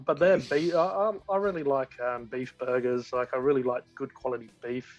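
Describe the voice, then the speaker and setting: Dull lo-fi audio with faint background music carries a man's medium-pitched voice, fairly even in intonation and slightly quick. He's a guest in a casual chat, speaking eagerly and wandering off track with frequent restarts.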